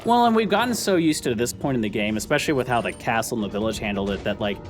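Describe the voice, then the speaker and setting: A man's voice: medium pitch, lively intonation, fast talker, soft background music. A man giving casual let's play commentary, rambling with fillers and frequent laughs. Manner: chatty, rambling, laughs often, many fillers.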